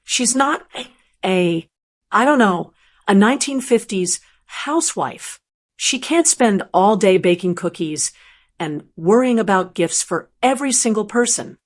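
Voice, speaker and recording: A woman's voice: medium pitch, expressive, a little slow. A woman voicing an angry grown son who accuses his mother of humiliating his wife, in a story narration. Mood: accusing. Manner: accusing, indignant.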